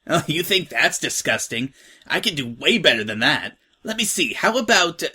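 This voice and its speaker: A man's voice: on the high side, very animated, normal speed, bright, forceful tone, breathy edge, full character voice. A man voicing a tough, slangy young filly who talks bluntly and offhand. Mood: teasing. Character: brash, tough young filly, slangy orphan-home veteran.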